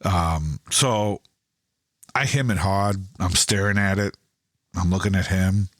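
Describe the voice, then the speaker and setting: A middle-aged man tells a rambling story in casual podcast chat, acting out what each person said. His voice sits very low. The sound is dry, with little room around it. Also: slow pace, no echo. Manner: animated storyteller who acts out both sides of conversations; loose, rambling delivery with many restarts.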